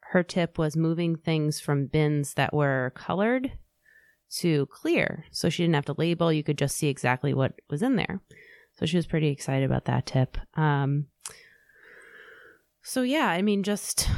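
Woman, 30s-40s, organizer-vlogger; low, rambling, casual chat. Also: expressive, a little slow, pauses often, darkish tone, no room sound, clean studio sound. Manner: chatty, rambling, frequent "like" and "um". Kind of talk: casual personal storytelling.

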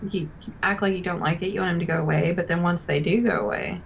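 A woman's voice: fairly low pitch, fairly even intonation, fast, gravelly, muffled recording, a little hiss or hum. A woman co-hosting a casual TV recap chat, teasing with dry asides and laughing. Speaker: podcast co-host.

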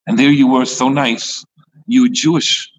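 A man voicing a troubled, earnest teenage boy who has been thrown out of his home, in a husky, gravelly voice close to his own. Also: medium pitch, fairly even intonation, a little slow, muffled recording, close to an everyday voice. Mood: pleading.

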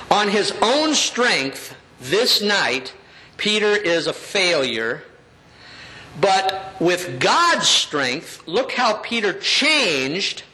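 A man's voice: high voice, sharp tone, low-quality recording. A male pastor preaching a sermon in a conversational way, often checking in with his listeners.

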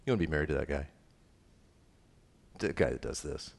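Deep-voiced man preaching a sermon. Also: lively intonation, brisk, creaky. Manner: emphatic, jokey, repeats key lines. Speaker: pastor.

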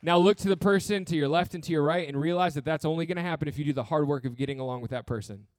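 A man's voice: fairly high pitch, rapid-fire, dry recording, clean studio sound. A man preaching a sermon as pastor, earnest and blunt, with touches of humor and repeated phrases.

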